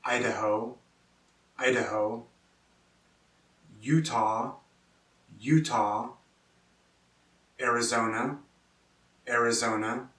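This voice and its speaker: A man speaks slowly and carefully, saying each word twice as if teaching a class. He sits a little back from the microphone, and his voice rings in an echoey room. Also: mid-range voice, steady tone, a bit bright. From Kansas, US. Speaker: English teacher. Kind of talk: slow pronunciation lesson. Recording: echoey room, distant mic.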